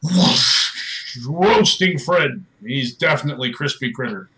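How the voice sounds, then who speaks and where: A man narrating as dungeon master in a tabletop game, animated and laughing often. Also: mid-range voice, takes it slowly.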